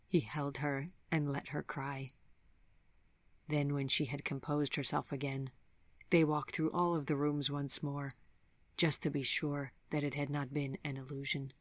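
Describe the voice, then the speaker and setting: A woman reads a gentle fairy tale aloud with soft, measured narration. Her voice sits low in pitch, and the recording is close and dry. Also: flat delivery, dry recording. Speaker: audiobook narrator. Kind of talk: scripted narration.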